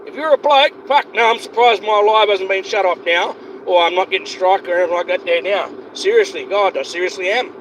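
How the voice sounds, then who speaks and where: A man delivers a heated, profane livestream rant, circling back over his points again and again. His voice sits high for a man. Faint hiss runs under him. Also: steady tone, brisk, few pauses, a bit bright. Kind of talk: ranting livestream monologue.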